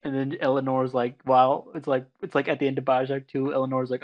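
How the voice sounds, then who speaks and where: A man's voice: mid-range voice, flat delivery, fast, hardly any pauses, highs cut off. A man hosting a casual podcast chat, sarcastic and joking, with plenty of swearing. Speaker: podcast host.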